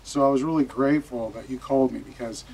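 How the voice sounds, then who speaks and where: A man's voice: mid-range voice, fast, vocal fry, darkish tone, rough recording. A man giving an informal funeral eulogy as a barber, chatty and rambling with many fillers.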